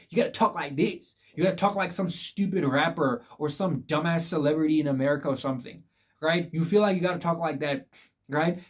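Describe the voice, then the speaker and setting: A man's voice: a little high, breathy edge. A young man vlogging life advice straight to his viewers, emphatic and repetitive, calling them guys. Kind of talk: casual direct-to-camera advice talk.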